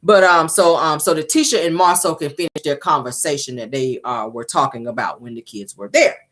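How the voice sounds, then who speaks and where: A woman's voice: low-pitched, a little fast, a bit bright. A woman casually recapping a reality TV episode, talking sassily straight to her viewers. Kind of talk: casual show recap commentary.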